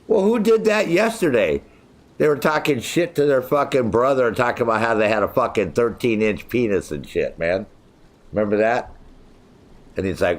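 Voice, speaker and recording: Male gamer-streamer, profane joker, lively up-and-down pitch, easy laughs. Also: moderate pace. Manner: profane, joking, laughs often while chatting with viewers. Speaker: game streamer. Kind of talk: casual livestream chat.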